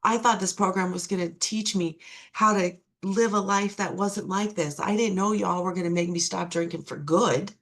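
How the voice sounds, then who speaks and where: A woman's voice: medium pitch, fairly even intonation, normal speed. A middle-aged woman sharing her recovery testimony, earnest and repeating key phrases for emphasis.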